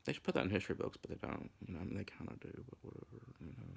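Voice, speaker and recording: Low, gravelly young man ranting casually. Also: wildly swooping pitch, racing. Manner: crude, campy, profane asides. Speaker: vlogger. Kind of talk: casual rambling commentary.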